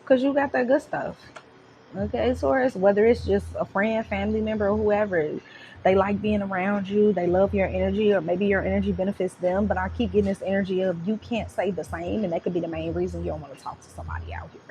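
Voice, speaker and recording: A woman talks through a tarot reading in a loose, chatty way, playful and affirming as she goes. Her voice sits at an ordinary middle pitch. A faint hiss of noise runs under the recording. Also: steady tone, fast talker, dark tone, rough recording. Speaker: tarot reader. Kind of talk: casual tarot reading to camera.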